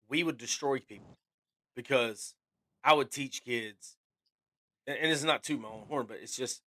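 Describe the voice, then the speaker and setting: A man co-hosting a podcast in casual conversation, talking in an animated, emphatic way and repeating phrases for stress. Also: medium pitch. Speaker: podcast co-host.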